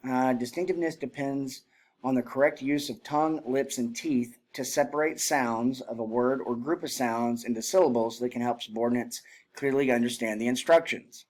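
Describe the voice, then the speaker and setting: A drill instructor with a mid-range voice teaches a spoken lesson on military drill. He explains things plainly, then bursts into loud shouted commands and counts during demonstrations.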